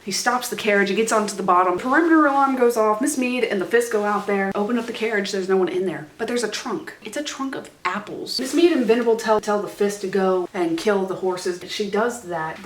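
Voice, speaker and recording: A woman's voice: medium pitch, a little fast, few pauses, roomy sound, recorded from a distance, a little hiss or hum. A young woman casually recapping a TV series; chatty, swears freely and acts out the lines. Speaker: YouTube host recapping a TV series.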